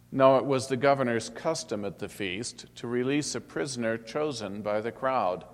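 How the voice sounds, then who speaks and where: A man reads scripture aloud in a measured, declamatory manner. His voice sits at a middling male pitch. A long reverb trails each phrase, as in a large hall. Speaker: scripture reader. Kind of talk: liturgical scripture reading.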